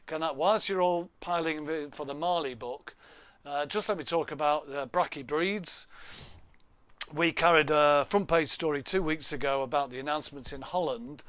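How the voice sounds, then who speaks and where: A man's voice: a little high, normal speed, a bit bright, no room sound. A man hosting a casual live stream from home, joking, laughing and reading out viewer names and comments. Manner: chatty, jokey, reads out viewer names, laughs often. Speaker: livestream host. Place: home room. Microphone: laptop webcam.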